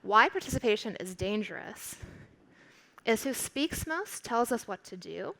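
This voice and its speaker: A woman professor giving a conference keynote speech in a clear, instructive and emphatic way. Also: fairly high pitch, expressive, measured pace, bright, forceful tone, rough recording. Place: large conference stage.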